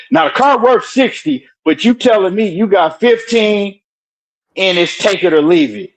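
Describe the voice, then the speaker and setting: A man's voice: sits high, lively intonation, moderate pace, poor audio. Insistent man arguing a point. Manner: insistent, repeats "hold on" and "right?" to press his point. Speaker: boxing commentator in a live stream debate. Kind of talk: heated debate on a live stream. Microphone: earbud.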